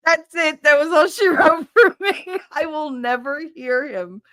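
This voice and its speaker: A woman hosting a casual livestream chat, reading comments aloud and answering them in a brash, swearing way, with frequent laughter and quick mimicry. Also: sits high, sharp tone, no echo, clean studio sound. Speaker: podcast host reading chat.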